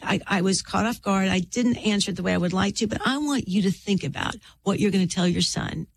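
A middle-aged woman, an author appearing as an interview guest, shares a personal faith story earnestly and from the heart. Her mid-range voice carries vocal fry, a preacherly lilt, and long, drawn-out pauses.

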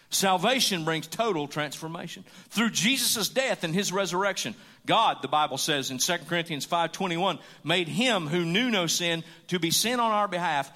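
A man preaching with a bright, forceful voice that rises and falls widely. He drives his points home and repeats key lines. His voice carries a long reverb, as in a large hall. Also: on the high side. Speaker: pastor. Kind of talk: sermon.

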